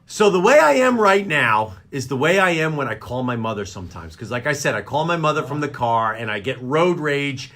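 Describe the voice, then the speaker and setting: A middle-aged man hosting a talk radio show, ranting through comic stories about his family in an excitable, exaggerated way. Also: mid-range voice, a little fast, few pauses. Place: radio studio.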